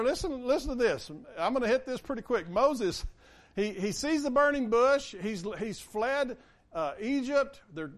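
A man preaching a conversational sermon, acting out the quotes he reads. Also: high-pitched. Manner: conversational, animated, acts out quotes. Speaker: pastor.

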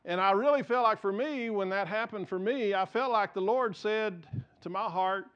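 Earnest male pastor in his forties, higher-pitched, sermon on a muffled lo-fi recording. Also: moderate pace, fairly bright tone. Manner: earnest, repeats words while building points.

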